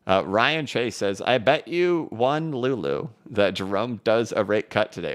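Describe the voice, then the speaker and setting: A man's voice: fairly low pitch, expressive, unhurried, hardly any pauses. A male crypto livestream host chatting loosely with many fillers while reading out viewer comments.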